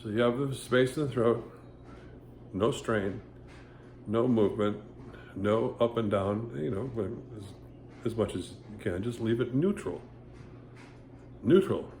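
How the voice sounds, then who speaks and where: A man's voice: medium pitch, measured pace, long pauses, a little mellow, a little hiss or hum. A man giving a casual singing lesson, rambling and stopping often to sing short vowel demonstrations. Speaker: voice teacher. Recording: echoey room with faint ambience.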